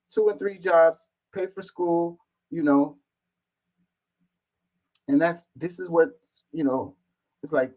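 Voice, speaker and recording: A man's voice: fairly high pitch, takes it slowly, long pauses, a little mellow, poor audio. A man reading online comments aloud and answering them in an exasperated, casual rant, swearing and firing off rhetorical questions.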